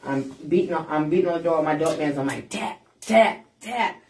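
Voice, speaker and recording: A woman guest on a podcast telling a story in a blunt, animated way and acting out what people said. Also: low voice, quick pace, slight background noise. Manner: blunt, animated, acts out quoted lines. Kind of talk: casual storytelling. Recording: roomy sound, mic at a distance.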